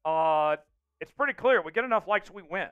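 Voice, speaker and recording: A man hosting a livestream and calling the plays of a simulated football game, reading names from the chat and getting loud on big plays. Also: sits high, normal speed, clean tone, muffled recording. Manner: excitable, shouts out chat names and hypes touchdowns. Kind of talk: live play-by-play commentary.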